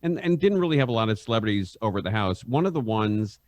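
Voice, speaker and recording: A middle-aged man, a radio host and podcast guest, telling rambling stories in a halting way and laughing through them. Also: lowish voice, sing-song, darkish tone, dry recording. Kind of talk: casual anecdote telling.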